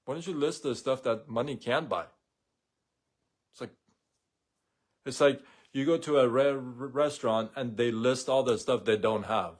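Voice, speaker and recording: A man's voice: mid-range voice, moderate pace, pauses often. A man hosting a live show, talking in a blunt, sarcastic, opinionated monologue. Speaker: host of a daily live show. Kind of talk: casual monologue rant.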